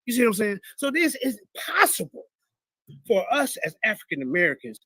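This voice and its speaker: A man's voice: sits high, big pitch swings, a little fast, sharp tone, breathy edge. A man streaming live commentary on debate clips, boasting and mocking his opponents while talking to his chat. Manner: boastful, mocking, repetitive, addresses chat as "y'all".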